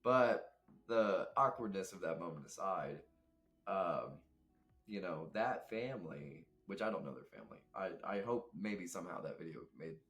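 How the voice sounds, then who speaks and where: A man's voice: low-pitched, animated, moderate pace, a bit bright. A young man, a guest telling rambling, reflective stories in casual chat. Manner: rambling, reflective, laughs often.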